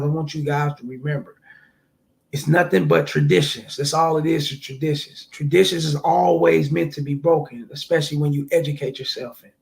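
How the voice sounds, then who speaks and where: A man with a slightly high, gravelly voice hosts a relaxed livestream. He talks loosely and profanely in slang and speaks straight to the viewers in his chat, as if catching up with friends. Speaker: livestream host talking to chat.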